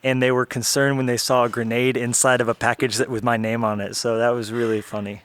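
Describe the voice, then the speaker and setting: A man's voice: medium pitch, level tone, brisk, a bit bright. A man hosting an interview show, upbeat and self-deprecating in casual conversation. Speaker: podcast host.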